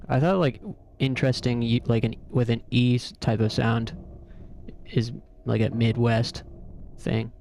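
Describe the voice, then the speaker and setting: A man chatting casually while streaming a game, wondering aloud and sounding out words. His voice is mid-pitched with a gravelly edge. A faint hiss sits behind him. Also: level tone, unhurried, a little mellow. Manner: musing and curious, trying out words aloud.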